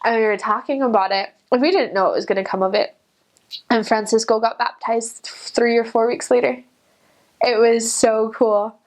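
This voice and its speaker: A young adult woman, a returned missionary, telling a personal story in a chatty, animated way, full of "like" fillers. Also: fairly high pitch, moderate pace. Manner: chatty, animated, many "like" fillers, acts out quotes in a raised voice.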